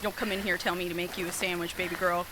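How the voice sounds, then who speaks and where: A woman streaming a horror game, chatting casually with viewers, sassy and swearing freely, with sudden excited yelps. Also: fairly low pitch, quick pace, background noise. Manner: bursts into excited yelps during scares. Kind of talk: casual live-stream chat over gameplay.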